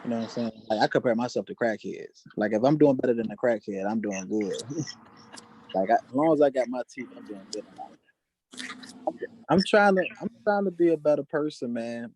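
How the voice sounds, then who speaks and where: A man's voice: mid-range voice, expressive, brisk, a little mellow, slight background noise, low-quality recording. A man doing a stand-up set at an open mic, telling stories in loose, casual street slang. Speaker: stand-up comedian. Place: open mic comedy venue.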